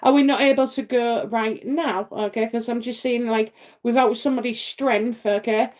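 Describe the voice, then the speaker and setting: Chatty British woman psychic, high voice. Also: fairly even intonation, moderate pace, a little mellow. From United Kingdom. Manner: chatty and rambling, many fillers and tag questions; laughs often. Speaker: psychic on a live stream. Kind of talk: casual live-stream reading.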